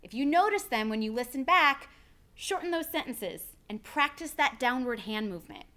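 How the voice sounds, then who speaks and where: A woman, an executive speaker coach, giving a clear, deliberate lesson on how to speak with confidence. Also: sits high, lively intonation, bright, forceful tone. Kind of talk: instructional video presentation.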